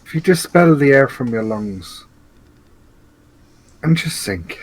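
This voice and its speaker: A man's voice: medium pitch, lively intonation, slow pace, slightly rough, poor audio. A man playing a tabletop game, reasoning things through in a dry way. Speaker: player. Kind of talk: casual tabletop game chat.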